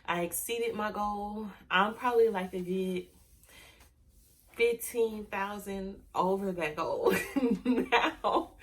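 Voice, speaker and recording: A woman running an online business, talking to camera casually, heartfelt and grateful, emotional and close to tears, speaking warmly to her viewers. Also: medium pitch, slow pace. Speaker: online business owner and YouTuber.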